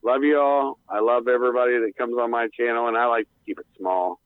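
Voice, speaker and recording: A man rambles bluntly over a tinny phone line, filling gaps with "uh" and "you know" and dropping the odd swear word. His voice sits at an ordinary pitch and sounds dry and boxed in. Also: steady tone, a little fast, dry recording. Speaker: guest on call-in show. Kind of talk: casual rambling radio talk.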